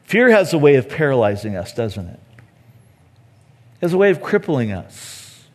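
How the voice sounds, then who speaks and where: A man's voice: mid-range voice, sing-song, normal speed. A man preaching a sermon as pastor, earnest and repeating key phrases for emphasis. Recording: long reverb of a large hall.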